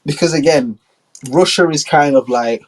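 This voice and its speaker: A man's voice: on the high side, moderate pace, rough recording. A man hosting a podcast, telling a story in a loose, slangy, rambling way. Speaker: podcast host. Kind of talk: casual storytelling.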